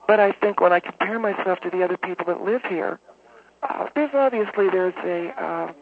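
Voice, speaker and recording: A man voicing a pompous, self-important homeowners association president who talks in a halting monotone full of uhs, heard over a phone line. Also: sits high, gravelly, breathy edge, pitched above the performer's own voice, full character voice. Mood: smug. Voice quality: monotone droning. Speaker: caller.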